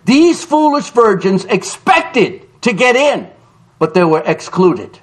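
Fiery, high-pitched male preacher. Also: sing-song, takes it slowly. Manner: shouts for emphasis, swings between loud cries and low asides. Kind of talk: fiery revival sermon.

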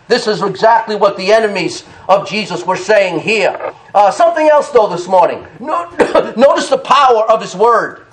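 High-pitched male preacher, emphatic, repeats key phrases, calls for amens. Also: expressive, normal speed. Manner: laughs between points. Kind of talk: sermon.

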